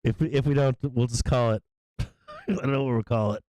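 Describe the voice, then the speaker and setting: A man hosting a live stock-market stream, swearing freely and explaining chart levels, with bursts of excited yelling. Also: medium pitch, brisk, no room sound, low-quality recording. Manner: profane, excitable, yelling at times. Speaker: stock market livestream host. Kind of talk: live trading commentary.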